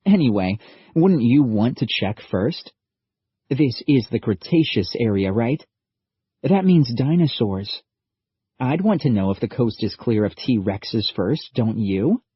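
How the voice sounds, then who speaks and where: A man's voice: medium pitch, expressive, slow pace, slightly rough, no echo, lo-fi sound, exaggerated voice. A man voicing an argumentative young woman who presses her point. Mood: insistent. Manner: insistent, persuasive.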